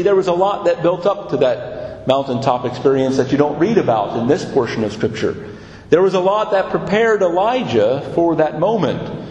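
Earnest man preaching in an echoey hall. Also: high-pitched. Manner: earnest, emphatic, with animated retelling and restarts. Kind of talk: sermon with scripture reading. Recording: echoey hall, dull lo-fi sound.

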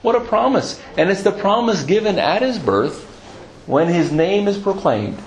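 Man, preacher, sermon, emphatic, rhetorical questions, higher-pitched. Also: animated, normal speed, poor audio.

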